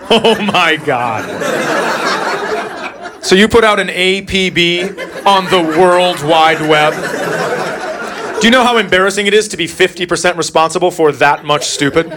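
A middle-aged man doing a stand-up routine, telling a story in a deadpan way with sudden exasperated outbursts. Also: sits high, moderate pace, a crowd in the background. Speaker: stand-up comedian. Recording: noisy live recording. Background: audience laughter.

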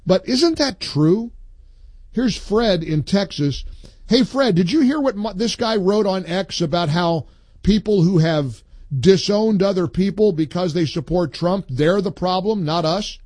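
A man hosting a call-in talk radio show, reading listener posts aloud with emphatic pauses and chatting with callers. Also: high voice, animated, a little mellow, no room sound.

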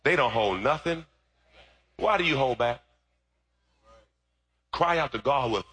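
Man, pastor, sermon, lively pitch, bright tone, storytelling into shouting. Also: measured pace, husky. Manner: preaching, swells from storytelling to shouting.

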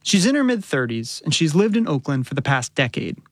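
A woman reporter narrating a radio news story in a measured, clear storytelling voice. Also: low voice, sing-song, no room sound, clean studio sound.

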